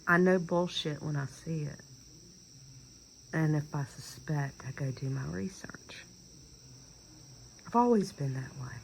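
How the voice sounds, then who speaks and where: A woman's voice: low-pitched, measured pace, gravelly, long pauses, a little hiss or hum, low-quality recording. A middle-aged woman with a Southern accent in an emphatic, rambling monologue that sometimes sinks to a near whisper. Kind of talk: personal monologue rant.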